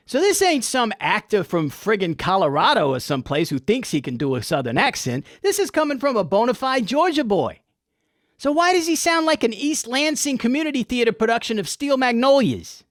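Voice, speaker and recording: A man's voice: sits high, no room sound, studio quality. A man hosting a comic episode review, with irreverent, folksy and profane wit. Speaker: host.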